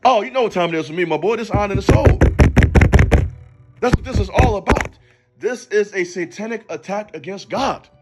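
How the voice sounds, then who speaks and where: A man's voice: high-pitched, expressive, fairly quick, over loud music. A man hosting a faith channel, giving a motivational talk in an emphatic, preachy way and calling out to the listener directly. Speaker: channel host.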